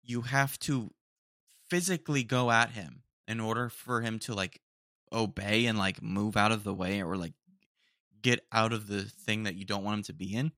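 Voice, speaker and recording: A man's voice: on the low side, normal speed, sharp tone, no room sound, studio quality. A young man hosting a podcast alone, rambling casually and saying "dude" a lot. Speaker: podcast host. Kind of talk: casual solo chat. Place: home room.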